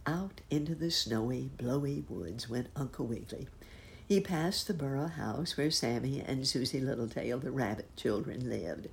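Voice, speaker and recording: Very low, gravelly woman narrating a storybook. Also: moderate pace. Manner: expressive, lively reading.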